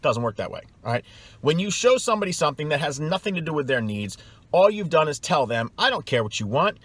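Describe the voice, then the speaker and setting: Blunt, scornful middle-aged sales coach. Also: male voice, fairly high pitch, sing-song, fast talker, dry recording. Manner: emphatic, scornful, repeats points for effect. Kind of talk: blunt advice vlog.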